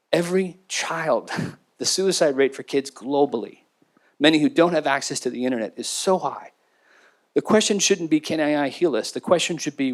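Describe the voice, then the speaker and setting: A man speaking as a panelist, talking intensely and emphatically in a university lecture theater. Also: fairly high pitch. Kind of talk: impassioned panel talk.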